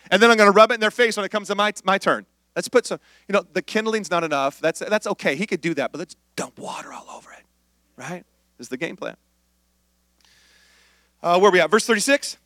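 A man's voice: high-pitched, sharp tone, dry recording. A man preaching a sermon, reading scripture aloud and breaking off into casual, joking commentary.

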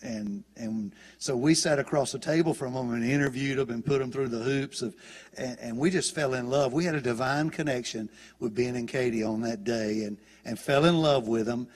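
A medium-pitched man with a Southern US accent speaks at normal speed as a guest preacher. His sermon is folksy and chatty with many restarts, recorded in a church auditorium with long reverb.

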